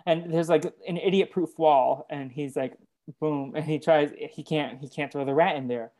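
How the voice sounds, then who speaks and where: A man's voice: on the high side, fairly even intonation, a little mellow. A man co-hosting a podcast, casually recapping a movie with lots of ums and restarts. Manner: halting, full of ums and restarts. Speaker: podcast co-host.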